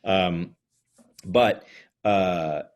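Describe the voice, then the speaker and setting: A man's voice: sits low, steady tone, extremely slow, lo-fi sound. A man from Texas, a voice actor guest, telling stories in a chatty podcast interview over a video call. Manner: chatty storyteller, slips into character voices.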